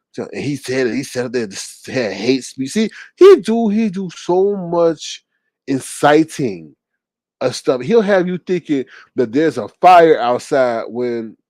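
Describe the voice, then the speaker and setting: A man in casual livestream commentary, chatty and gossipy. His voice swings widely in pitch, with frequent exclamations. The sound is dry and close to the mic. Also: darkish tone, no echo. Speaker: livestream host reading chat.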